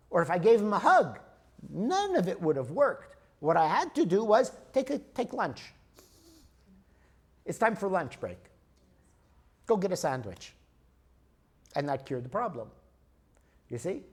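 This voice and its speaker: A man giving a lecture, telling stories from his business life and often checking that listeners follow. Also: sits high. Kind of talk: teaching a lecture with personal stories.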